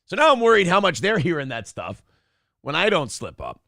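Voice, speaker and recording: A man's voice: a little high, fairly quick, creaky, no room sound, studio quality. A middle-aged man co-hosting a casual talk show, telling stories with lots of swearing. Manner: animated storytelling, swears freely. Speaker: podcast co-host. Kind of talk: casual chat.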